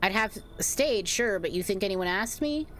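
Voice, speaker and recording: A woman doing a gruff Southern drifter man. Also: mid-range voice, animated, normal speed, a bit bright, slight background noise, close to an everyday voice. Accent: Southern US put-on. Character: rough drifter man, just released, gruff.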